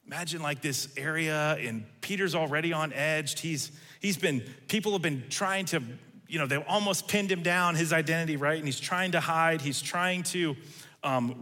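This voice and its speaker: A man's voice: a little high, pushed and bright. A man preaching a sermon in a conversational way, acting out the quoted lines as he tells the story. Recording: reverberant hall.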